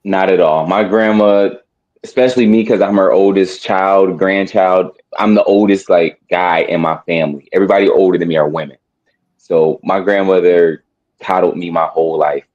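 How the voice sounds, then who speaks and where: A man's voice: low voice, steady tone, moderate pace, a little mellow, highs cut off. A man chatting as a guest on a radio talk show, telling laid-back family stories. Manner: laid-back storytelling, mimics relatives. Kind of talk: casual radio chat.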